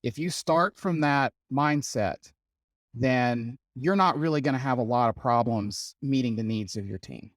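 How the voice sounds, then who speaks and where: A man's voice: mid-range voice, a little slow, no echo. A man speaking as a guest CTO in a panel discussion, emphatic and repeating his key points.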